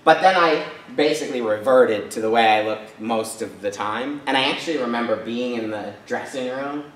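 A man's voice: medium pitch, normal speed, a bit bright, slight background noise. A man from Rhode Island giving a casual personal talk to an audience, chatty, with many fillers and tag questions. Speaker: guest speaker. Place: church hall. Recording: echoey hall from far off.

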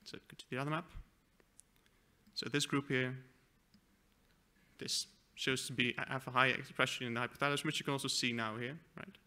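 A man giving a conference presentation, walking through a live software demo with a few fillers and self-corrections. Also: medium pitch, fairly even intonation, brisk, long pauses. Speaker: conference speaker. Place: conference hall.

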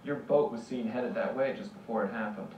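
A man's voice: mid-range voice, fairly quick, recorded from a distance, noisy background, close to an everyday voice. An actor playing a wry, easygoing male investigator who talks in a dry, joking way. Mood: calm. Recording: dull roomy TV soundtrack, music behind.

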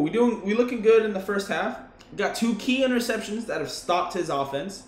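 A young man giving live gameplay commentary, excitable, yelling at plays, swearing and laughing. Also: high-pitched, moderate pace, roomy sound, a little hiss or hum. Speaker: gaming YouTuber.

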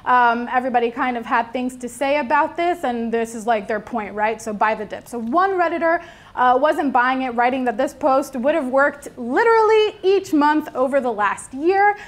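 A woman's voice: high-pitched, moderate pace. A young woman from New York co-hosting a casual news show, chatty and reading out comments. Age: young adult. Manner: chatty, reads out comments with filler ums. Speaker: news co-host.

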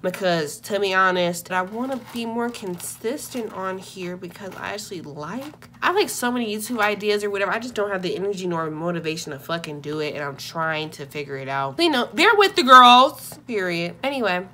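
A woman's voice: lowish voice, a little fast, hardly any pauses, a bit bright, slight background noise. A tired young woman telling a personal story on her vlog, casual and full of profanity. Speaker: YouTuber.

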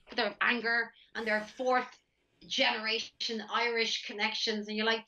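A woman's voice: on the high side, steady tone, moderate pace, pushed and bright, muffled recording. A woman guest on a video call, chatting casually and playfully, laughing often. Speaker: guest actress. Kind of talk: casual chat.

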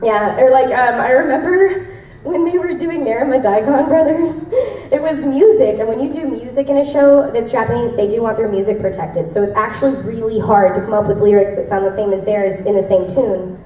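A woman's voice: on the high side, fairly quick, dark tone, distant mic, a little hiss or hum. A young woman voice actress answering fan questions at a convention panel, chatty and laughing often as she tells stories. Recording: echoey hall, mic heard from afar.

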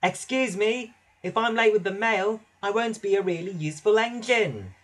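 A man's voice: sits high, expressive, normal speed, voice pushed up. Percy, a man voicing a small eager engine. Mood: polite. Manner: polite, peeping, then boastful shouting.

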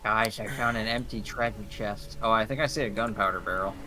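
A man with a somewhat low voice jokes and chats casually while exploring in a game with friends. Clear background noise runs under his voice. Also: fairly quick, bright, forceful tone. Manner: joking, playful. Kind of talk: casual gaming chat.

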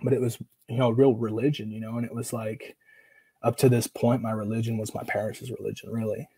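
Husky, flat-voiced man telling his story. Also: medium pitch, brisk, low-quality recording. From Oregon, USA. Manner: casual, filler-heavy, acts out quoted dialogue; earnest and emotional. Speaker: podcast guest. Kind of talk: personal storytelling in conversation.

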